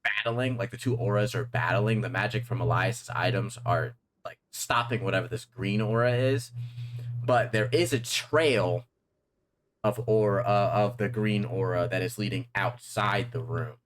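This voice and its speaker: A man's voice: lowish voice, moderate pace, a little hiss or hum. A man narrating a tabletop game as game master, rambling with many fillers.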